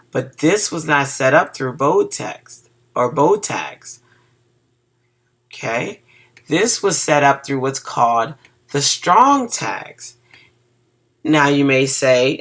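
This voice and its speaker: A casual web design teacher walks through a screen-recorded coding lesson, chatty and checking in with the class. The voice has a gravelly edge and a bright, forward tone. The teacher sounds a little groggy on cough medicine and trips over words now and then. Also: medium pitch.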